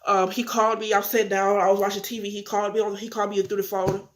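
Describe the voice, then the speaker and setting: An eighteen-year-old woman speaks to her viewers in a casual confessional vlog, candid and earnest. She sounds upset but keeps herself from crying as she talks. Her voice sits at a middle pitch. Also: flat delivery, racing, a little hiss or hum. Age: young adult. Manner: talks directly to viewers, acts out phone calls. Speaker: vlogger.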